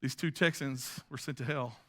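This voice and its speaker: A male pastor preaching a sermon in an animated way, swinging from loud bursts down to hushed asides. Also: medium pitch, moderate pace.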